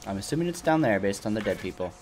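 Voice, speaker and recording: A man's voice: fairly low pitch, very animated, racing, a little mellow, a little hiss or hum. A man streaming a game, talking casually to himself, swearing freely, laughing and groaning at what he finds. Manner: swears freely, mutters to himself while playing; laughs often, groans at bad loot. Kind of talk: casual gameplay commentary.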